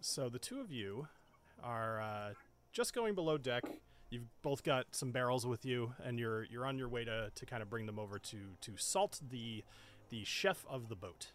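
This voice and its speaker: A young man narrating as game master for a tabletop game, chatty and quick to laugh. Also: medium pitch, animated, a bit bright. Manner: chatty, laughs often, frequent restarts.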